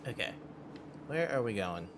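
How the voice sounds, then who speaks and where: A man's voice: on the low side, very animated, normal speed, heavy background noise. A man streaming a video game, chatting casually and laughing often. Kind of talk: casual gameplay commentary. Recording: game music under the voice. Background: game music.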